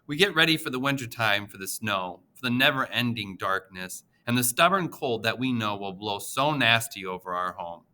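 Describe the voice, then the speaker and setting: A man narrating an audiobook in the first person, with an expressive, emotional reading. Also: mid-range voice, normal speed, few pauses.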